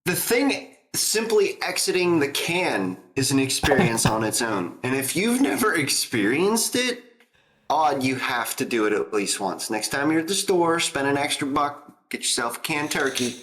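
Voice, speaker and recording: An animated man hosting a casual podcast. He tells stories with lots of laughter, his voice at a middle pitch. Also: normal speed. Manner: animated storyteller who laughs often. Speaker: podcast host. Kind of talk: casual chat.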